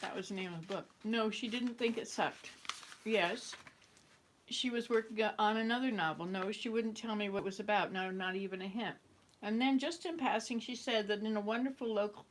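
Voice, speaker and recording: Brief: a chatty woman host reading aloud, mid-pitched, stumbling and correcting herself between bites. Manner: talks around a cookie. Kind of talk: casual read-aloud.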